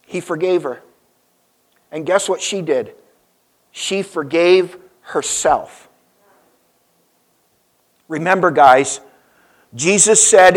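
A male pastor preaching a sermon, telling a story and swinging between loud emphasis and soft, low asides. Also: slow, long pauses.

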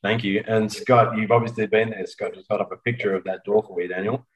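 Man, onstage interviewer, lowish voice, enthusiastic, mic at a distance. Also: steady tone, brisk, highs cut off, a crowd in the background. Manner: enthusiastic, stumbling restarts. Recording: voice picked up from a distance.

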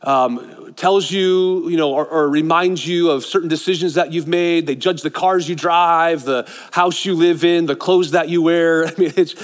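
A middle-aged male pastor preaching a sermon with a slightly high voice. He swings from loud, excited bursts down to hushed, intimate asides. His words ring out with a long echo in a large church hall. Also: moderate pace, few pauses.

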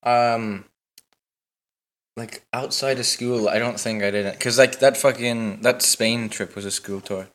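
A man's voice: mid-range voice, steady tone, moderate pace, few pauses, a bit bright. A teenage man co-hosting a podcast in casual chat, rambling with lots of "like", swearing and giggling. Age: late teens. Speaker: podcast co-host.

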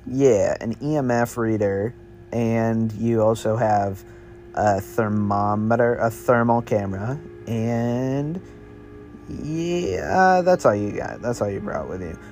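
A man's voice: on the low side, darkish tone. A man making up a spooky story as he goes, in a meandering, offhand, slangy way. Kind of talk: improvised spooky story narration.

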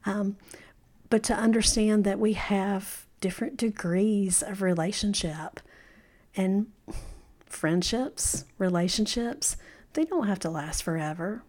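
A woman's voice: medium pitch, takes it slowly. A middle-aged woman hosting a podcast, giving an encouraging talk and telling stories, often saying "you know" and laughing now and then. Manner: warm storytelling with frequent "you know" and laughs. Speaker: podcast host. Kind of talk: motivational podcast monologue.

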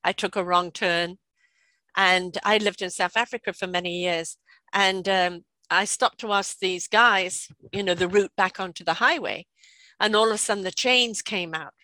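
A British woman in her sixties telling stories in a chatty, lively way, often laughing and checking in with "right?". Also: medium pitch, normal speed, no echo. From Britain. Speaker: guest. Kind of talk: casual storytelling conversation.

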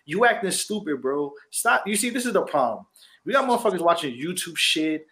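A man's voice: on the high side, very animated, fairly quick, sharp tone. A man from New York co-hosting a casual podcast, ranting brashly and swearing freely. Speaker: podcast co-host. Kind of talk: casual chat.

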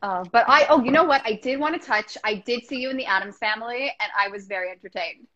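A woman's voice: fairly high pitch, fast, bright, forceful tone. A woman hosting a podcast, chatting in a bubbly, gushing way and laughing often. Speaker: podcast host. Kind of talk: casual chat. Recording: dull, slightly muffled sound.

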